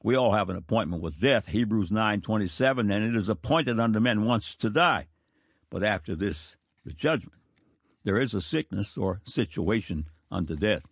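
A man in his fifties, a country church pastor, giving a sermon in a slow, deliberate and solemn manner. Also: on the low side, lively intonation, husky, dry recording, clean studio sound. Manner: slow, deliberate, solemn delivery with drawn-out words. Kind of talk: sermon reading of quotations.

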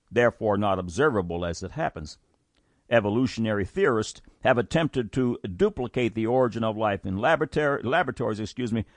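A man's voice: fairly low pitch, no room sound, studio quality. A man reading a scripted Bible teaching, earnest and emphatic, quoting scripture aloud. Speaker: Bible teaching show host.

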